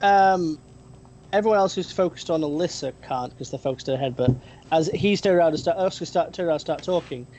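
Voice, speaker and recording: A game master narrating a tabletop role-playing game, pausing often with ums and restarts. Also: mid-range voice, a little mellow, a little hiss or hum, rough recording. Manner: hesitant, many ums and restarts.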